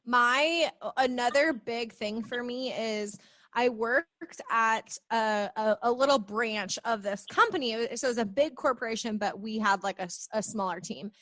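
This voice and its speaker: Bubbly high-voiced young woman host. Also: moderate pace, dry recording. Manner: bubbly, animated storytelling. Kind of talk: casual podcast chat.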